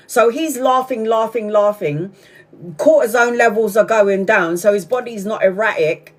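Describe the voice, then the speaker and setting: A tarot reader hosting a live stream chats casually in a fairly high voice at a moderate pace. She's an animated, blunt storyteller who swears a lot and laughs often as she talks.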